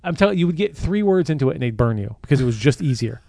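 Male podcast co-host, animated jokey riffer, fairly high-pitched, dead-dry studio sound. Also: very fast, vocal fry, dry recording. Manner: riffing, jokey, swears, bursts into mock-outraged bits. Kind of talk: casual comedic chat. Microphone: studio microphone.

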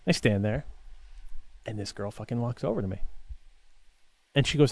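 A man telling a story in casual chat, animated and profane, acting out the people he quotes and laughing often. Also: medium pitch, fast talker, pauses often, dry recording. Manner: animated, swears freely, acts out quotes, laughs a lot. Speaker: podcast co-host telling a story.

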